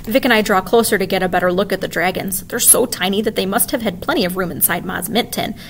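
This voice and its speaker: A woman teacher reading a children's chapter book aloud in an expressive, animated way. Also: medium pitch, fast, vocal fry, a little hiss or hum.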